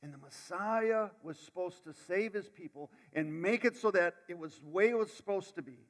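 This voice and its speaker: A male pastor preaching a sermon, dramatic, swinging from loud bursts to hushed lines and repeating words as he goes. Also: high-pitched, normal speed. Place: church sanctuary. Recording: long church hall reverb.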